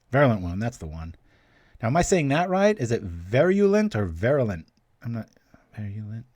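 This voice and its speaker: A gaming channel host, this man plays a card game and chats casually, talking himself through each move in a medium-pitched, slightly mellow voice. The studio-quality audio has no echo, and he keeps up a chatty commentary sprinkled with small jokes.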